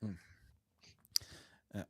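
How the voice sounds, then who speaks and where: A man's voice: extremely slow, mellow, no room sound, clean studio sound. A man co-hosting a film review podcast, chatting casually, telling stories with frequent laughs and acting out the voices of people he quotes. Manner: chatty storyteller who laughs often and acts out quoted voices. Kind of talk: casual chat, telling an anecdote.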